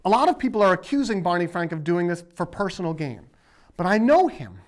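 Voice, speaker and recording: A man's voice: sits high, very animated, a little fast. A man from the area, hosting his own video blog and ranting about politics in a rambling, sarcastic, emphatic way. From Boston area, USA.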